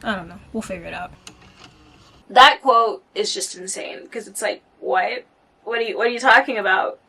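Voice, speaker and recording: A woman reviewing a book in a casual vlog, gushing and excitable, using lots of slang. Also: mid-range voice, moderate pace, husky.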